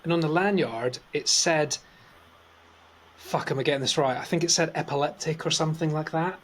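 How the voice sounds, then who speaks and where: Male podcast co-host, relaxed storyteller, lightly raised pitch, faint background hiss. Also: normal speed. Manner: swears freely, acts out quotes, laughs often. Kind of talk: casual storytelling chat.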